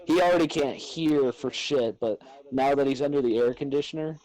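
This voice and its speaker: A man's voice: medium pitch, normal speed, a little mellow, rough recording. A young man co-hosting a podcast, chatting casually and swearing a lot, acting out his pets in silly voices. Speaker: podcast co-host. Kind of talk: casual chat.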